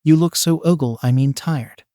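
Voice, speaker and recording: Man voicing a goofy timid masked teen boy, whiny, pleading, slightly raised pitch, dry close sound. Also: moderate pace, mellow, dry recording, lightly acted.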